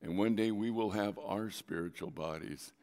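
A man's voice: on the low side, normal speed, a little mellow, in a large hall. A man preaching a sermon, reading scripture aloud and explaining it in a conversational way, with dramatic readings of the quoted lines.

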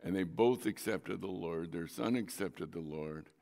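A man's voice: sits low, unhurried, vocal fry, a little mellow, big-room sound. A man preaching a sermon as a pastor, telling a personal story with emphasis and drawing out key words.

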